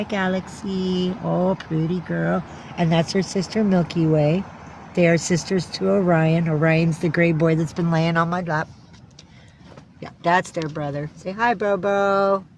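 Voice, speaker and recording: Slow-talking woman cooing at her cats. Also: fairly low pitch, fairly even intonation, darkish tone, a little hiss or hum, poor audio. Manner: coos baby talk to her cats. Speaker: livestreamer with pet cats. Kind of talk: casual livestream chat.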